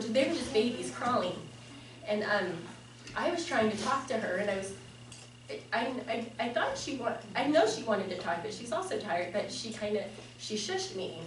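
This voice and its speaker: Woman, eulogy speaker, halting and warm-hearted delivery with laughs; higher voice, heard from afar in a noisy, echoey room. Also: far from the mic. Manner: halting, with fillers and frequent laughs. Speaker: family member giving a eulogy. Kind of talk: personal memorial speech. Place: memorial service room.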